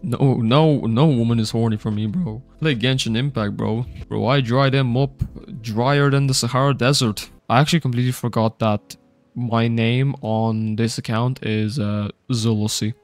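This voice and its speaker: A young man streaming a video game, reacting loudly, swearing and reading his chat aloud. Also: medium pitch, normal speed, soft background music. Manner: excitable, swears a lot, reads chat aloud. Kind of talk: gaming livestream commentary.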